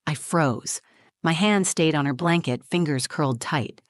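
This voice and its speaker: A woman reading a scripted first-person story as a mother, in a steady, even storytelling manner. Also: sits low, a little slow, no room sound, studio quality.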